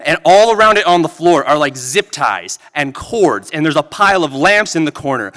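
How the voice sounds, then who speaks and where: A man performing a live story on stage into a microphone, animated and full of "like". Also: a little high, normal speed. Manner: animated, peppered with "like". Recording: long reverb of a venue hall.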